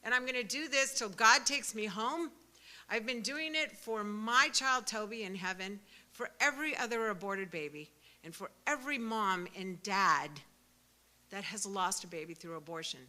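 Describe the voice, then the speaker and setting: A woman in her sixties giving an impassioned speech at a pro-life event, fervent and emphatic, rising to loud peaks. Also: medium pitch, animated, normal speed. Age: 60s.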